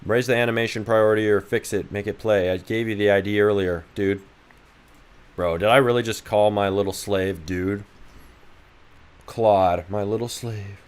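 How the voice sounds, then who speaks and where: Profane joking streamer from Idaho. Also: male voice, on the low side, fairly even intonation, moderate pace, clean tone. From Idaho, USA. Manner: profane, joking banter with chat. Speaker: game developer streamer. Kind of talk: casual livestream chat.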